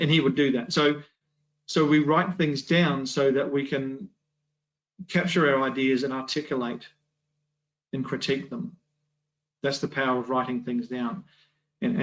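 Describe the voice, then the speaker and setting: Male Sunday school teacher, mid-pitched, conversational and full of restarts; dull lo-fi recording. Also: little pitch movement, a little slow, long pauses. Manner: conversational, many restarts and rhetorical questions. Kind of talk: Bible class teaching.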